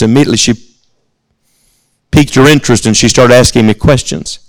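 A man's voice: mid-range voice, steady tone, quick pace, no echo, rough recording. A man with an American accent preaching a sermon at a youth camp, earnest and speaking straight to his listeners. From United States. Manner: earnest, storytelling, addresses listeners directly.

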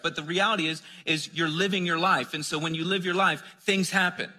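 A man preaching a sermon, conversational and joking, dropping to a soft voice when he reads scripture. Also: high voice, brisk, few pauses. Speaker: pastor. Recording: long hall reverb.

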